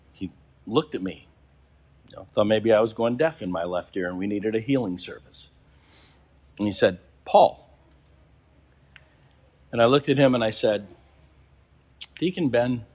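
A man, a bishop, preaching a sermon and telling a story, slowing down for emphasis. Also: lowish voice, a little mellow, husky.

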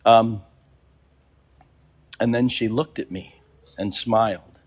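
Husky-voiced bishop preaching a sermon. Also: male voice, fairly low pitch, steady tone. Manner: storytelling, slows for emphasis.

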